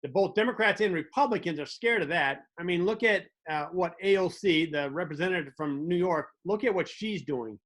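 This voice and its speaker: A man's voice: sits high, a little fast, few pauses, fairly bright tone. A man hosting a comedic monologue, telling wry stories with little mock dialogues. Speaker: host.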